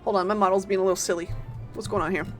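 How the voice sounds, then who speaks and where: A woman streaming a game live, chatting casually and playfully with bursts of loud exclamations. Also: mid-range voice, steady tone, racing, faint music behind.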